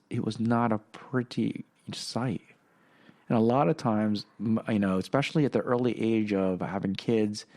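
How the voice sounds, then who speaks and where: Reflective middle-aged man, lowish voice. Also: a little mellow. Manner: halting, reflective, many fillers and restarts. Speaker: podcast host. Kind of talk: personal storytelling.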